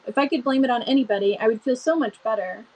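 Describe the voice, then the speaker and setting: A woman's voice: on the high side, fast talker, a little mellow, low-quality recording. A woman voicing an imaginative, dramatic young girl who speaks in solemn, earnest tones.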